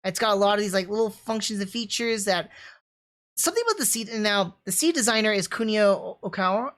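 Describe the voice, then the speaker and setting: A woman's voice: mid-range voice, fairly quick. Chatty woman reviewing anime on stream. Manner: excited, chatty, many fillers and restarts. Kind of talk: casual livestream review.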